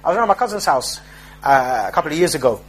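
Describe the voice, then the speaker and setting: Fast-talking preacher, joking. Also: male voice, a little high, big pitch swings, a little hiss or hum. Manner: joking, streetwise storytelling with mock voices. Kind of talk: informal religious talk to a small group.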